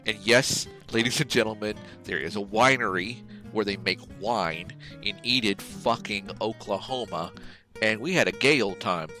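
A man's voice: fairly low pitch, moderate pace, bright, forceful tone, soft background music, poor audio. A man co-hosting a casual podcast, talking in a rambling, profane, jokey way. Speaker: podcast co-host. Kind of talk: casual chat, reading a joke ad.

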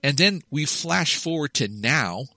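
A man in his thirties tells a long, meandering comic story with plenty of swearing. His voice is bright and forceful. The sound is dry and close, with almost no room sound. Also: on the high side, animated, a little slow, dry recording, soft background music. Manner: rambling storyteller, swears freely. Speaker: podcast co-host. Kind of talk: casual comedic chat.

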